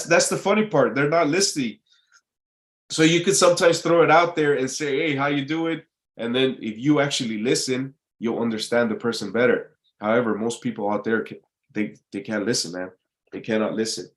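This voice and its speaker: A man talks at an ordinary middle pitch, hosting his own live online show. He rambles loosely, stumbles over and repeats words, and drops casual swearing as he goes. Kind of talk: casual live-stream monologue.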